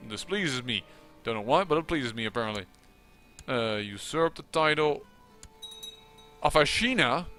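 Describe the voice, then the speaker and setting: A man's voice: on the high side, animated, moderate pace, long pauses, pushed and bright, faint music behind. A man giving casual, musing commentary on a strategy game, with occasional exasperated outbursts. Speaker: let's play commentator.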